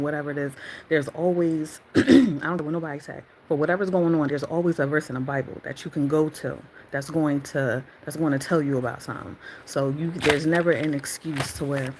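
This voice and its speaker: A woman's voice: sits low, fairly quick, background noise. A woman sharing a casual devotional talk, rambling and reflective and often correcting herself. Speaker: faith vlogger.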